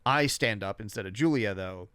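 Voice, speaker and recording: Man, crisp voice, dry close mic, relaxed podcast explainer. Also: lowish voice, moderate pace, no echo. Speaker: podcast co-host. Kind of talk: casual chat.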